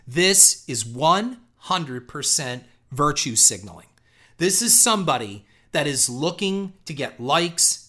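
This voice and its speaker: A man's voice: fairly high pitch, big pitch swings, unhurried, sharp tone. A man giving a ranting, profane commentary, sarcastic and scornful, hammering his points with repetition. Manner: emphatic, punchy repetition.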